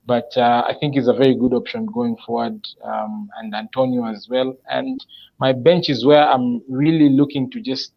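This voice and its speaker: A man explains his reasoning in a relaxed online chat, working through it step by step and pausing often to think. His voice sits in an ordinary middle range, and the recording sounds slightly dull and lo-fi. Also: medium pitch, vocal fry. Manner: thinks aloud, explains picks step by step with many pauses. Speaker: panelist presenting his fantasy football team.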